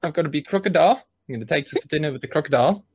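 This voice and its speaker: A man's voice: on the high side, expressive, racing, slightly rough, no room sound. A man hamming up Crocmaster, goofy swamp villain. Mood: mock menacing. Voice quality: rambling, goofy menace. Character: hammy male swamp villain with pet crocodile.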